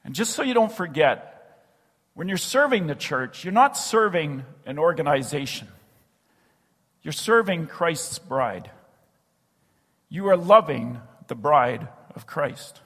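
A man preaches in a church, his fairly high voice a little husky. He slows down and sinks to a hush on the phrases that matter most. The long reverb of the sanctuary hangs behind every line. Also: very animated. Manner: earnest, slows and drops to a hush on key phrases. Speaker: pastor. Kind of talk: sermon.

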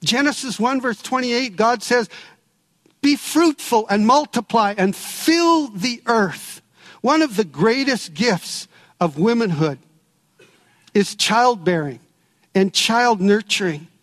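A male pastor with a high, light voice delivers a sermon at an unhurried pace. He tells stories and leans on key words with deliberate pauses. His voice rings out with a long reverb, as if recorded in a large sanctuary. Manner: preaching with storytelling and emphatic pauses.

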